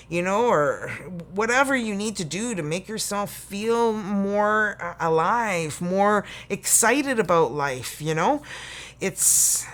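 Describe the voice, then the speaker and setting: A woman's voice: mid-range voice, fairly bright tone. A Canadian woman giving a casual, chatty tarot reading to camera, full of folksy sayings. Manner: chatty and folksy, full of "you know" and "okay". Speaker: tarot reader.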